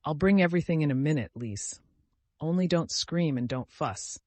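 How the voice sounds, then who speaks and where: Gushing, nervy middle-aged mother in an audiobook, voiced by a man, animated, dry close mic. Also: fairly high pitch, moderate pace, no room sound. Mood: fussing. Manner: effusive and overwrought. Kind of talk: audiobook character reading.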